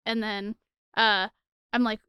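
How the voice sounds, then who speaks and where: A woman guest on a podcast, chatting about a movie in a storytelling way with quick asides. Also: medium pitch, level tone, sharp tone, clear, resonant tone, dry recording, studio quality. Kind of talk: casual film discussion.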